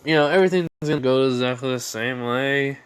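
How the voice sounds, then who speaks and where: A man's voice: mid-range voice, fairly quick, smooth. A young man casually improvising a fan story, rambling and filling gaps with "basically" and "you know". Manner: rambling, full of fillers and restarts.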